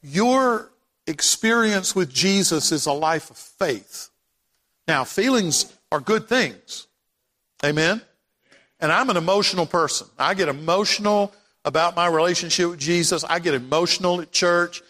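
A man's voice: sits high, unhurried, bright, forceful tone. A man preaching a sermon as pastor, praying and then building to emphatic, repeated lines. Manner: impassioned preaching, rising to emphatic repetition. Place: church sanctuary. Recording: long hall reverb.

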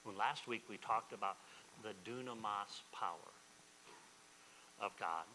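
A man's voice: lowish voice, unhurried, sharp tone, long reverb tail, a little hiss or hum, low-quality recording. A man preaching a sermon as pastor, emphatic and repetitive, often restarting his phrases.

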